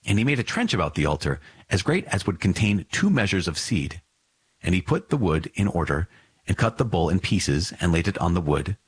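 Solemn male scripture narrator, very low and slightly husky. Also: big pitch swings, brisk, dry recording. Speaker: scripture reader.

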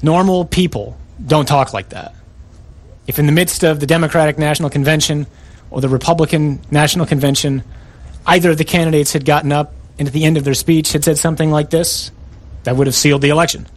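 Man, preacher, sermon, emphatic, rhetorical questions, slightly high voice. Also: fairly even intonation, brisk.

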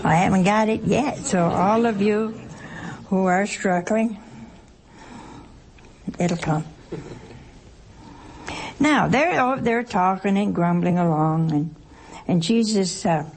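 A woman's voice: mid-range voice, lively intonation, slow pace, vocal fry, pauses often, darkish tone, slight background noise. A woman giving an informal sermon as a Bible teacher, throwing rhetorical questions and joking asides at her listeners.

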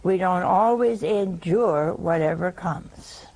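A woman's voice: on the low side, slow pace, darkish tone, low-quality recording. A woman preaching a sermon in a folksy, teasing way, often asking her listeners questions.

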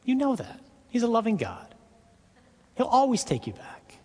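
A husky-voiced man voicing a sly devil who tempts with coaxing words, heard with long reverb. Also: extremely high pitch, huge pitch swings, moderate pace, a little mellow, voice pushed up, heavily acted. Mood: wheedling. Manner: coaxing, insinuating.

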